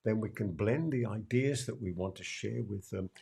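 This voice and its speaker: An older man with a British accent, teaching persuasion to camera, emphatic and repeating key lines slowly, with playful asides. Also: on the low side, gravelly, dark tone. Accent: British English. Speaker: sales trainer. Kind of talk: direct-to-camera teaching talk.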